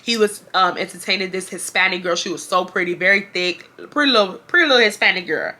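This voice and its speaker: A woman's voice: medium pitch, fast talker. A woman, telling a casual storytime and acting out the quotes in slang. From Houston, Texas. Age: 20s. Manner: animated, acts out quotes with slang. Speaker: YouTube storyteller.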